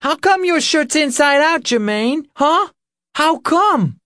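A man's voice: very high voice, lively intonation, slow, bright, forceful tone, no room sound, clean studio sound, voice pushed up, heavily acted. A male narrator voicing a furious heavyset woman who shrieks crude accusations at her man in an audiobook. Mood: furious shrieking.

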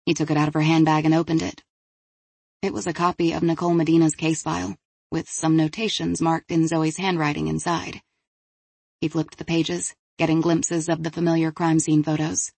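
A woman narrating an audiobook in a measured, even way. Her voice sits low and a little husky. The close microphone gives a dry sound. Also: dry recording. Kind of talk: scripted narration.

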